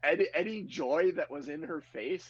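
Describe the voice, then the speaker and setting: A man's voice: fairly high pitch, moderate pace, lo-fi sound. A man narrating a tabletop game as game master, with frequent fillers and laughter. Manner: filler-heavy, laughs often. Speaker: game master and podcast host.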